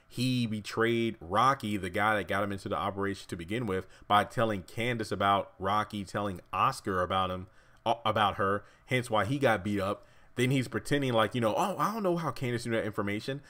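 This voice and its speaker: Guy riffing on his tv theory, kinda low voice, rambly, keeps catching himself with dry little asides. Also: a bit bright. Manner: rambling, self-correcting, wry asides. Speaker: YouTube TV commentator. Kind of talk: casual fan theory commentary.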